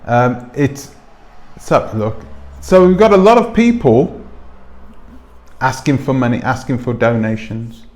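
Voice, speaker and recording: A man's voice: mid-range voice, expressive, a little slow, pauses often, a little mellow. A man hosting his own commentary channel, talking casually to camera on a clip-on mic, rambling and asking his viewers rhetorical questions. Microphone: clip-on microphone.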